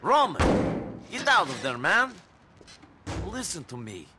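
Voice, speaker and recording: A man voicing a gruff, sardonic immigrant ex-soldier with a Balkan accent, in a video game cutscene. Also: on the high side, wildly swooping pitch, takes it slowly, over loud music, heavily acted. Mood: firm. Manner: dry, sarcastic.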